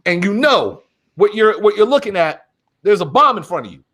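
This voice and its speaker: A man co-hosting a wrestling podcast, talking in an excited, profane, casual way. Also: high-pitched, normal speed. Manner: animated, profane, builds excitement. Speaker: podcast co-host. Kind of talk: casual chat.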